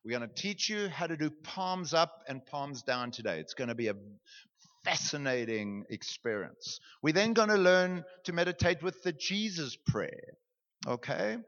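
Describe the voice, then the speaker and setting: A man's voice: on the high side, expressive, moderate pace, a bit bright. A young man, a pastor leading a class through a guided meditation lesson in a joking, conversational way. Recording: dull, reverberant hall.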